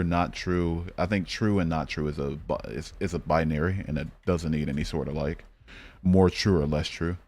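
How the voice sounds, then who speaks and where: A Michigan man with a low-pitched, darkish voice hosts a casual live stream, chatting while he plays a geography game. He talks bluntly and profanely, thinking aloud with lots of fillers.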